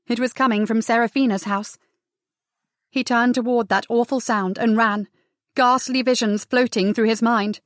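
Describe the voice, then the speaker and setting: A woman's voice: on the high side, dry recording, clean studio sound. A woman narrating a historical romance audiobook steadily and expressively. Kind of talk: scripted narration.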